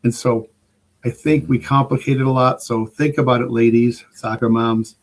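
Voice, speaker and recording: A man's voice: mid-range voice, steady tone, moderate pace. Rambling older man telling stories. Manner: rambling, enthusiastic storyteller. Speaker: guest preparedness expert. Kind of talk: casual podcast conversation.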